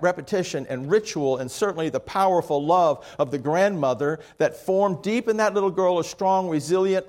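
A pastor preaching a sermon in a church sanctuary. His man's voice sits a touch higher than usual. He leans hard on key words, then lets each phrase drop away softly. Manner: slow, emphatic delivery with soft trailing phrases.

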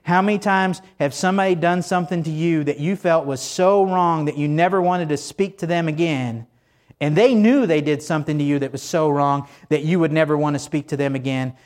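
A man's voice: a little high, a little fast, darkish tone. A pastor preaching a sermon to his congregation in a church, conversational and joking, asking many rhetorical questions.

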